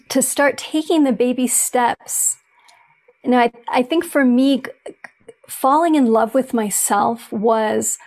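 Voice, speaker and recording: A woman's voice: a little high, vocal fry, a little mellow. A woman talking earnestly and reflectively about inner life in a conversation, thinking aloud with frequent restarts. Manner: earnest, searching, with many restarts.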